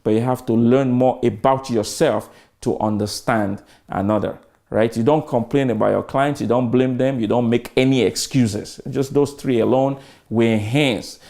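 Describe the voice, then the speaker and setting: A man's voice: medium pitch, steady tone, moderate pace, a little mellow. A man in his fifties giving an emphatic customer service training lecture, full of rhetorical questions and repetition.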